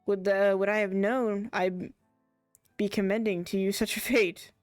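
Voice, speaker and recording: A woman streamer voicing a remorseful ancient old man while reading game dialogue aloud in a put-on deep, solemn voice. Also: steady tone, a little slow, no room sound, soft background music, close to an everyday voice.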